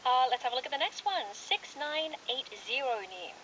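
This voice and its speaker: A woman hosting a radio English show. She switches quickly between Korean and slow, carefully spelled English. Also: high voice, sing-song, bright, forceful tone. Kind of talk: bilingual radio chat. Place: radio studio. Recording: dull radio broadcast with faint hiss.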